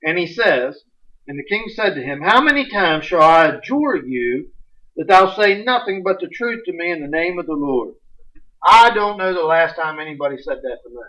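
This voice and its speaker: A man preaching a sermon, animated and folksy, reading scripture aloud with sudden bursts of emphasis. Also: a little high, normal speed. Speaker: pastor. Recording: distant, muffled livestream audio.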